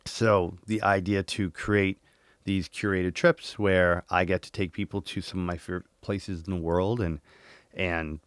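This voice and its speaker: Deep voice guy in his 40s on a podcast, animated storytelling, dry mic. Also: measured pace, clean tone, no echo. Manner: animated, acts out inner dialogue, swears casually. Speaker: guest.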